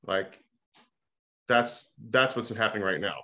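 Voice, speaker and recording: A man hosts a casual family podcast with his mother, and his voice has a bright, forceful edge. He stumbles, repeats words and keeps trying to pull the conversation back on track. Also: lowish voice. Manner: halting, repeats himself, tries to steer the talk. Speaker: host, son.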